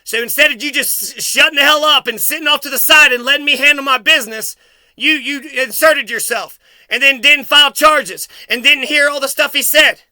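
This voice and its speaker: High bright man in an angry rant. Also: brisk, no room sound. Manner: accusatory, swearing, repeating himself. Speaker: vlogger confronting his mother.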